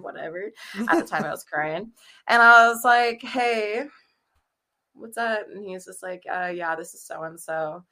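A woman's voice: on the low side, pushed and bright. A woman in her thirties from the Kansas City area, a podcast guest telling a casual story, chatty, laughing often and acting out the people she quotes. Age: 30s.

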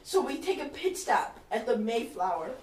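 High, lively woman on a podcast. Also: moderate pace, recorded from a distance. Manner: lively, profane, chiming in. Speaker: podcast co-host. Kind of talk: casual chat. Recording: roomy, off mic, faint noise.

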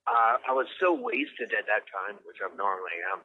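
A man's voice: fairly low pitch, brisk. A man chatting casually, telling rambling stories and swearing a lot, as a podcast guest. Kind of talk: casual chat. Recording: dull lo-fi sound with faint noise.

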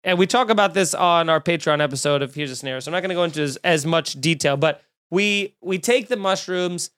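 A man's voice: fairly high pitch, fast, smooth. A man casually telling funny, profane stories about a trip as a podcast host. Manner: animated, profane, jokey anecdotes. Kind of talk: casual storytelling.

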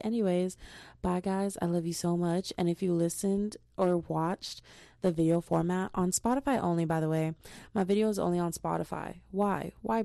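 Young female podcast host, mellow and fry-heavy tone, animated casual chatter. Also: on the low side, no echo, clean studio sound. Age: young adult. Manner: gossipy, animated, slangy storytelling. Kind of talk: casual solo podcast chat.

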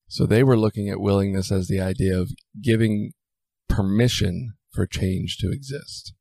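Gravelly low-voiced man, blunt podcast co-host. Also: normal speed, mellow, no echo, studio quality. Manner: blunt, swears freely, laughs often. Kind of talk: casual chat.

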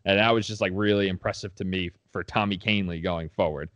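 A man co-hosting a sports podcast, talking in an animated, opinionated way as a fan. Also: deep voice, a little fast, no room sound, dull audio. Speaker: podcast co-host. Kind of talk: casual sports podcast chat.

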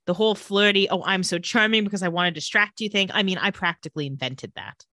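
A woman's voice: mid-range voice, quick pace, pushed and bright, dry recording, studio quality, close to an everyday voice. A woman reading out a peppy, self-mocking young vampire woman in a bouncy, dramatic way for a podcast recap.

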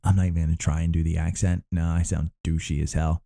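A man's voice: rumbling low, level tone, fast talker, vocal fry, dark tone. A man from the United States hosting a casual stock market show, rambling through his picks with lots of fillers and restarts.

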